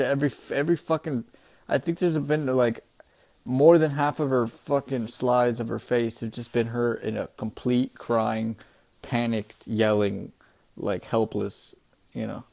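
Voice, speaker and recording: A young man recapping a comic chapter in a casual, excitable, profane way, often calling his listeners "bro". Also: mid-range voice, unhurried, gravelly. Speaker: manga chapter reviewer.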